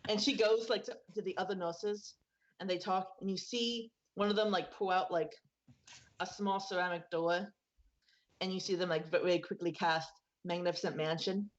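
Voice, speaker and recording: A woman's voice: on the low side, fairly even intonation, moderate pace, highs cut off. A woman narrating a tabletop game as game master, casual and rambling with many fillers.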